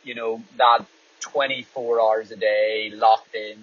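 A man's voice: fairly low pitch, little pitch movement, takes it slowly. A man, a runner, talking candidly in a casual rambling monologue while driving a small car, swearing freely. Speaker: distance runner and podcast host. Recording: dull audio, faint road noise.

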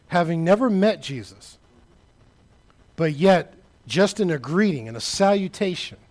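Preacher guy, fairly high voice, chats with the crowd then winds up to shouting and drops back down soft. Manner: builds to shouting climaxes, then drops low and quiet; conversational, addresses the congregation directly. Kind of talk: sermon.

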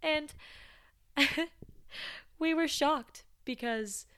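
A young American woman hosting a podcast, telling stories in a chatty, animated way and laughing along with them. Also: sits high, drawn-out words, no room sound, studio quality. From United States. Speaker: podcast host. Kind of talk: storytelling podcast.

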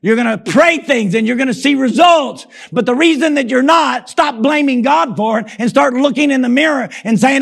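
A pastor preaching with a high, gravelly voice. He punches key lines up to a shout, then sinks into near-whispered asides, and keeps calling on the congregation with a quick "Amen?". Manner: emphatic preaching, repeated call-and-response "Amen?"; rises to shouts for emphasis, drops low and soft. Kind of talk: sermon.

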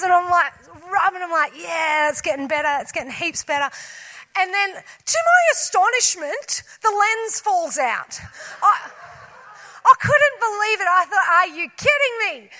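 A woman preaching a sermon, telling a personal story and acting out her own lines with lively voices. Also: extremely high pitch.

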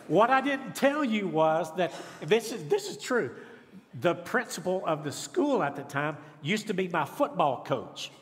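In a church sanctuary full of long reverb, a middle-aged man guest-preaches with folksy humor and self-deprecating tales while the congregation answers him. He speaks a little slowly in a high voice with big pitch swings.

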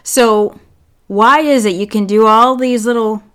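A woman vlogger talking straight to the camera, blunt and sarcastic, stressing her words and leaving long pauses. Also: on the high side, smooth. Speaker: relationship and self-care vlogger. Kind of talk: casual direct-to-camera monologue.

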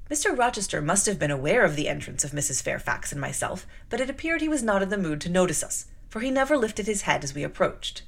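A woman's voice: on the low side, big pitch swings, fast, creaky, hardly any pauses. A woman hosting a storytime show, reading a classic novel aloud expressively and breaking off to explain the text. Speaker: host and reader. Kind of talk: audiobook reading with commentary.

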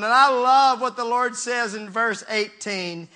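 A man preaching a sermon as pastor, animated, swinging from soft asides to shouts and joking with the congregation, his throat a little strained. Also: extremely high pitch, unhurried, hardly any pauses.

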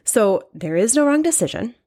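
A woman's voice: a little high, big pitch swings, normal speed, mellow. A woman hosting her own podcast, talking earnestly in a conversational way, often repeating key lines for emphasis and adding "right?" asides. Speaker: podcast host. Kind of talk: solo podcast talk on decisions.

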